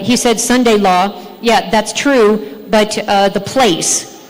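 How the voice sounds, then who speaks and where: A woman giving a church health talk, earnest and asking her listeners questions. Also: mid-range voice. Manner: earnest, asks the audience questions. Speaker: health speaker. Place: church hall. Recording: long hall reverb.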